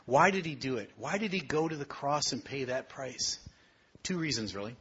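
A man preaching a sermon with a husky, slightly breathy voice. He puts questions straight to his listeners, building to emphatic high points before sinking to a hush. The recording is dull and lo-fi. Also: expressive, moderate pace. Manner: rises to emphatic peaks, then drops low and quiet; asks the congregation direct questions.

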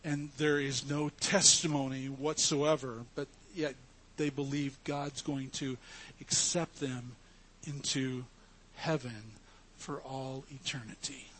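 A man's voice: medium pitch, steady tone, slow pace, fairly bright tone, slight background noise. A man preaching a sermon to his congregation, emphatic and earnest as he teaches from scripture. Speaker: pastor.

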